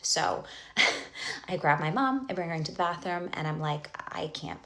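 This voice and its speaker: A woman's voice: lowish voice, expressive, normal speed, pushed and bright. A young woman telling a personal story in casual storytime style, rambling with lots of fillers and restarts, and often dropping to a whisper for asides.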